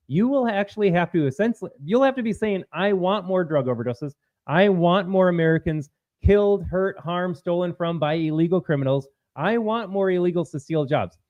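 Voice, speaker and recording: A man's voice: fairly high pitch, darkish tone, lo-fi sound. A man hosting a political livestream, talking in a combative, sarcastic way. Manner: combative, sarcastic, mocking voices of opponents. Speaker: political commentary host. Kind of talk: livestream commentary.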